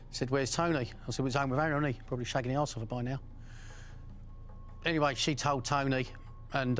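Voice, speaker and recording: A middle-aged man speaks in a mid-range voice. He tells his story bluntly and swears often. His talk is broken by pauses and fillers. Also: mid-range voice. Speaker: former criminal interviewee. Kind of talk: first-person recollection.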